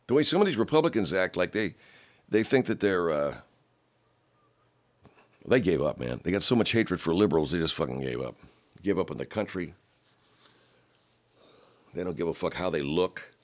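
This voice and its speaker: A middle-aged man hosting a talk show, ranting with heavy profanity in a gravelly manner. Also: animated, moderate pace, pauses often. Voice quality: very low, gravelly, growly rant. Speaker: radio host.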